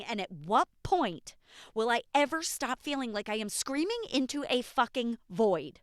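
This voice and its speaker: A woman speaks in a candid, impassioned podcast monologue and swears freely. Her voice sits a little high and sounds smooth and clear. The recording is close and dry. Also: sing-song, measured pace, no room sound. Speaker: podcast host. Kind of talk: unscripted personal podcast monologue.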